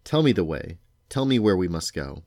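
A man's voice: sits low, big pitch swings, moderate pace, darkish tone, no echo. Fierce pleading woman, read by a man, urgent, insistent, storybook, dry close sound. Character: fierce, eager grown woman pleading with a cat.

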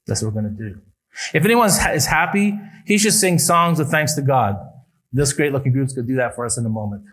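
A male pastor preaching a sermon at a church service, building emphatic appeals that rise and then drop quietly. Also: medium pitch, animated, fast, slightly rough, poor audio.

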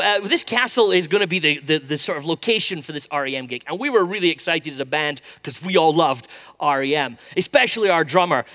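A middle-aged man delivers a sermon in a storytelling way, acting out the lines of the people in his anecdotes. His voice sits high and swings widely in pitch. The tone is bright and forward. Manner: storytelling, animated, acts out quotes. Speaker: pastor.

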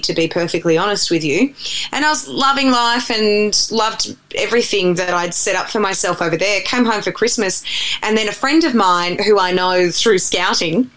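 A woman's voice: medium pitch, fairly bright tone, low-quality recording. An Australian radio presenter, a woman, chatting animatedly as a guest in an interview, telling stories at length. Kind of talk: casual interview chat.

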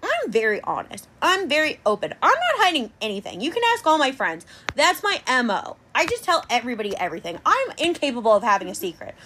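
A young woman hosting a podcast, telling a dating story in an animated, chatty way. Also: on the high side, quick pace, hardly any pauses, breathy edge. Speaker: podcast host. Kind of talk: casual chat.

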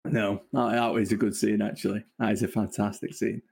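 A man's voice: fairly low pitch, level tone, a little fast, creaky, darkish tone, husky. Mancunian man, laughing, easygoing chat. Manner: laughs often, self-deprecating. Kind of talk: casual chat.

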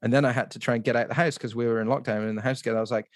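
A man's voice: lowish voice, steady tone, very fast, few pauses, dry recording, clean studio sound. A man speaking as a podcast guest, telling a story in a casual, rambling way with lots of "like" and restarts.

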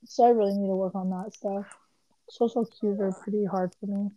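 Young woman, casual co-host, dry close sound, slightly dull recording, mellow tone, rambles with "like". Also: mid-range voice, steady tone, brisk, no room sound. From Las Vegas area. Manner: rambling, heavy use of "like". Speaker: podcast co-host. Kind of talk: casual chat.

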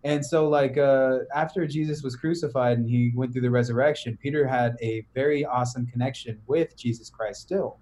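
A young man on a podcast, retelling a story in casual slang, animated, full of "bro" and "right?". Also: mid-range voice, normal speed, hardly any pauses, a little hiss or hum. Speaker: podcast guest.

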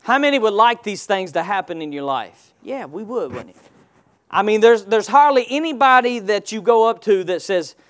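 High-voiced preacher with lilt. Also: male voice, animated, moderate pace, fairly bright tone. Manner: call-and-response preaching, rhetorical questions. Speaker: pastor. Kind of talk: sermon.

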